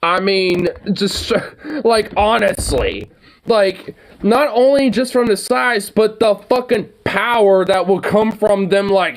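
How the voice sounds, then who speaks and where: A man's voice: high-pitched, slow pace, vocal fry. A man casually commenting on an old newspaper, rambling with lots of fillers, laughing and swearing.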